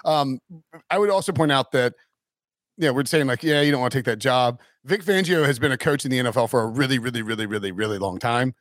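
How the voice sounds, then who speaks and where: Man, casual sports chat, rambling, fillers, mid pitch, dry close sound. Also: a little fast, a bit bright, no room sound. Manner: rambling, many fillers and restarts. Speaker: podcast host.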